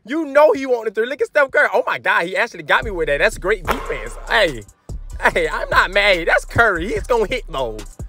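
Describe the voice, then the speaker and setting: A young man giving loud, animated trash-talk commentary over his basketball video game to his chat, sometimes slipping into a sing-song. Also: sits high, fairly quick, faint music behind. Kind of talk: hyped gameplay commentary.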